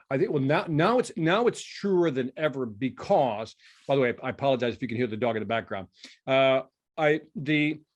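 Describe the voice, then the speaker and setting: A middle-aged man from Chicago tells a story as an interview guest, acting out both sides of the conversation. His voice sits at an ordinary middle pitch. He speaks in a lively, animated way, over what sounds like a remote call. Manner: animated storytelling, acts out dialogue.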